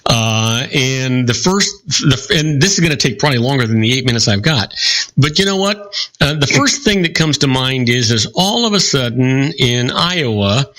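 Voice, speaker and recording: A middle-aged man hosting a casual radio talk show, chatting and telling jokes with lively voices. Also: mid-range voice, moderate pace, low-quality recording. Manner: storytelling with lively joke voices.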